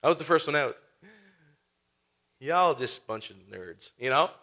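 A man's voice: medium pitch, animated, normal speed, sharp tone, pitched below the performer's own voice. A man voicing a boastful apostle Peter who mocks the other disciples in a drawl.

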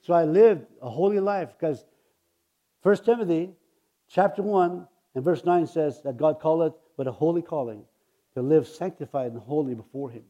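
Male preacher, high and mellow, loud exclaiming then low confiding asides, stammering restarts, talks straight to the pews. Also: normal speed. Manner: stammering restarts, chuckles, addresses the congregation. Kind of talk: sermon.

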